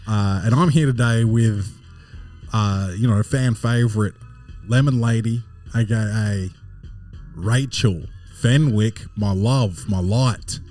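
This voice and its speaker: Podcast host: low-pitched man, cocky jokey patter, swears a lot, faint music under him. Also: slow, a little mellow. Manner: boastful, joking, swears freely. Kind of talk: casual podcast chat.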